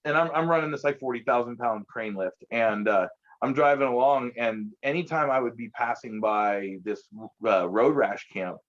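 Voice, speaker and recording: A man chatting casually as an interview guest, telling lively stories and acting out the voices of the people in them. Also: mid-range voice, normal speed, lo-fi sound. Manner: animated storyteller who acts out quoted voices. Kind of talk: casual storytelling chat.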